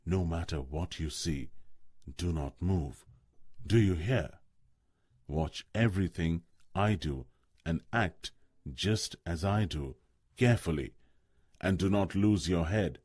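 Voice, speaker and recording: A man's voice: low voice, animated, slow pace, darkish tone, breathy edge, full character voice. A man voicing a wise, stern old male stag in a read-aloud story, grave and commanding. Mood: hushed.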